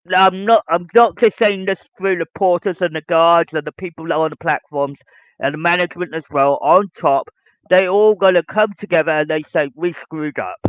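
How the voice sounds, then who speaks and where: Male podcast host, high-pitched, repetitive lecturing rant; dull, dry recording. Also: fairly quick, no echo. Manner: ranting, repetitive, lecturing listeners directly. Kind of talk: podcast monologue.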